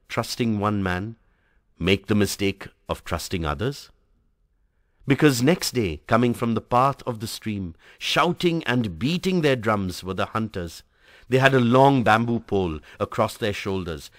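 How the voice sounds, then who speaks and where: A man teaching a class by reading a textbook story aloud in an expressive storytelling manner. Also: lowish voice, dry recording, clean studio sound. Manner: dramatic, varied storytelling delivery. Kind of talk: expressive read-aloud narration.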